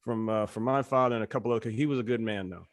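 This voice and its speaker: A man co-hosting a sports podcast, an animated storyteller who laughs often as he talks. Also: lowish voice, fast, no echo, clean studio sound. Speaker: podcast co-host. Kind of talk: casual sports chat.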